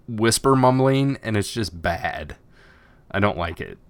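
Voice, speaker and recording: Deep-voiced man co-hosting a podcast. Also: lively intonation. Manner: chatty, acts out scenes in quick put-on voices. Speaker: podcast co-host. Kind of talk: casual chat.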